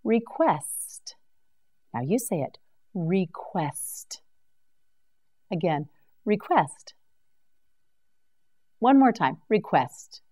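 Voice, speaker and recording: A woman teaching English vocabulary in a slow scripted drill, enunciating each word clearly and patiently. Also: lowish voice, a little mellow.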